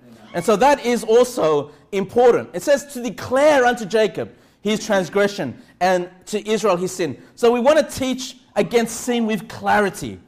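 Man, pastor, sermon, fairly high voice, calm teaching broken by loud shouted emphasis, keeps asking "all right?". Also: moderate pace. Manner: repeats "all right?" and "okay?" to the congregation.

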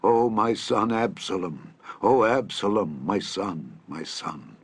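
A man reading the lines of a grieving old king who laments his son, dropping his voice low and soft. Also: expressive, slow, vocal fry, breathy edge, no echo, heavily acted. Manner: lamenting, softening to a whisper.

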